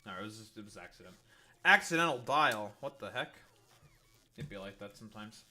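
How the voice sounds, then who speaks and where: A man's voice: lowish voice, lively intonation, a little fast, pushed and bright. A man talking casually on a stream, swearing and often repeating himself as he starts a sentence. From Canada.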